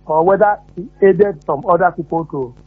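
A man's voice: high voice, normal speed, slightly rough. A man with a Nigerian accent calling in to a radio show, giving his opinion earnestly. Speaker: caller. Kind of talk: phone-in opinion. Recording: tinny phone line.

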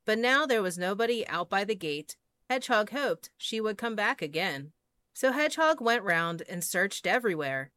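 Expressive woman reading picture books aloud. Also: mid-range voice, moderate pace, no echo. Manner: expressive, sing-song storybook reading. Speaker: storyteller.

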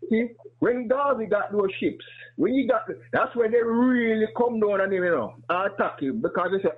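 A man's voice: sits high, lively intonation, moderate pace, husky. A man calling in to a radio talk show, speaking earnestly and persuasively with a noticeable accent and rhetorical questions. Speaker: caller. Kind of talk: call-in radio comment. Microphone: phone. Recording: tinny phone line.

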